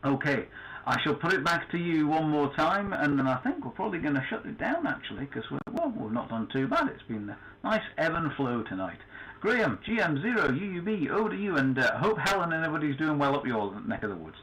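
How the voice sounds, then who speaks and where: Lively-voiced man hosting a radio net. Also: fairly high pitch, a little fast, a little hiss or hum, low-quality recording. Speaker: net control host. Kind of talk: casual radio chat.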